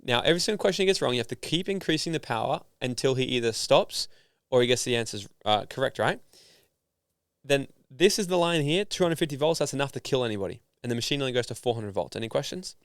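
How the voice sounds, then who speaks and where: A man from Australia, a guest on an interview podcast, telling a story in a casual, animated way and acting out the voices of people in it. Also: mid-range voice, fast, dry recording, studio quality. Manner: animated, acts out voices in his stories. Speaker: guest, personal development founder.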